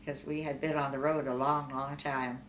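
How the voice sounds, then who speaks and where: Older low-voiced woman, far-off echoey room. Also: flat delivery. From Omaha, Nebraska. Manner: unhurried storytelling with frequent fillers and soft laughs. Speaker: oral history interviewee. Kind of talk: oral history reminiscence. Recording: echoey room, far from mic, faint hiss.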